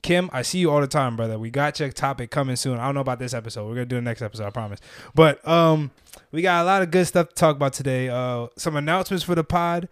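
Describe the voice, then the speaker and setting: A man's voice: mid-range voice, quick pace, smooth, dry recording, clean studio sound. A young man hosting a podcast in casual chat, with laid-back slangy talk. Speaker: podcast host.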